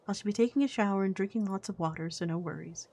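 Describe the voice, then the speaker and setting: A woman's voice: medium pitch, quick pace, a little mellow. A woman voice actress streaming a game, chatting playfully and reading its dialogue aloud. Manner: playful, chatty, with fillers and restarts.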